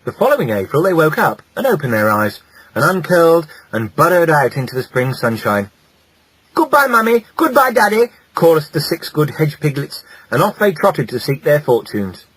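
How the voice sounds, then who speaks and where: A man narrating a children's animal storybook in a lively, playful way. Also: fairly high pitch, moderate pace, slightly rough, rough recording. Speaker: audiobook narrator.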